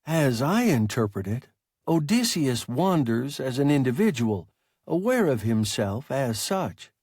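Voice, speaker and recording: Man reading gentle alien creature, formal and reasoning, husky, slow-spoken. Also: medium pitch, sing-song, dry recording, studio quality, heavily acted. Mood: calm reasoning. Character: calm, philosophical alien creature, large and sluggish.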